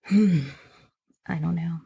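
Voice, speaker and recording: A woman's voice: fairly low pitch, fairly even intonation, slow, gravelly, dark tone, husky, lo-fi sound. A woman co-hosting a podcast in casual chat, laughing often and drifting onto tangents. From Northern Kentucky. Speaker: podcast co-host. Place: indoors, seated on a squeaky chair.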